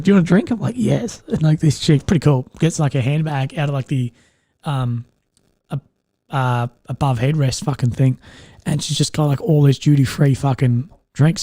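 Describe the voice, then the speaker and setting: A man's voice: medium pitch, mellow, no echo, studio quality. A young Australian man hosting a live stream, telling rambling stories in a laid-back way, swearing a lot and filling gaps with likes and ums. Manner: laid-back, heavy swearing, lots of fillers. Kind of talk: casual storytelling.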